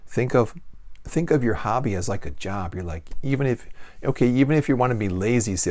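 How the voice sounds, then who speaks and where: A man's voice: on the low side, animated, normal speed, a little mellow. A man talking straight to camera in a casual monologue, blunt and folksy, swearing freely and asking rhetorical questions. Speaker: vlogger giving life advice.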